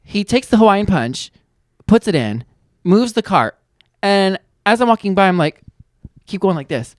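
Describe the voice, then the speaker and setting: A young adult woman co-hosting a podcast, in a casual chat, telling a story in an animated, playful way with acted-out quotes. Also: medium pitch, moderate pace, no echo, studio quality. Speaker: podcast co-host.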